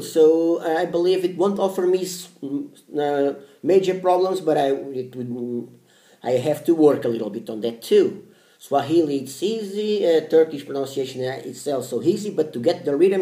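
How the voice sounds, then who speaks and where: A man's voice: a little high, warm tone, echoey room. A man whose first language is Portuguese, giving unscripted language-learning advice on his vlog and thinking aloud as he searches for words.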